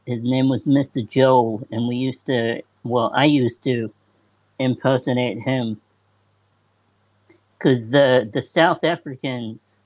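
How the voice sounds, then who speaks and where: A man chats eagerly in a live audio room in a casual tone. His voice sits at a middle pitch, and the sound is dry and close. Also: a little mellow, dry recording. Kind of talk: casual chat.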